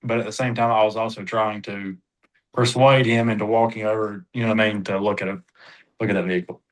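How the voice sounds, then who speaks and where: A man with a low-leaning voice and fairly even intonation speaks fast on a rough recording. Being coached as a car salesperson, he talks casually but hesitantly, leaning on "you know."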